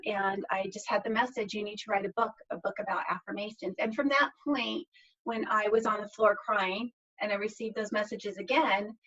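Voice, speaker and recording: On a podcast, a middle-aged woman guest shares a personal story earnestly and thoughtfully, frequently restarting her phrases. Her voice is medium-pitched and fairly bright, and the recording is slightly dull and lo-fi.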